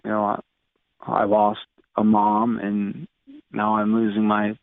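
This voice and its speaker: A man in his thirties tells his own story in an interview, halting and restarting often. His voice has a gravelly edge. The recording is tinny and narrow like a phone line, with no room sound. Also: on the low side, monotone, no echo. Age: 30s. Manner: halting, many fillers and restarts. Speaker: guest.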